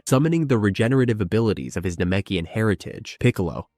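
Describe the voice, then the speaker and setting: Man, storyteller, scripted narration, low voice, dry sound. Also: expressive, fast talker, few pauses, darkish tone, no room sound.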